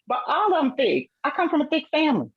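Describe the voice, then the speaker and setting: A woman's voice: high voice, lo-fi sound. A woman on a casual live panel chat who talks in a playful way and laughs often. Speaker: panel guest.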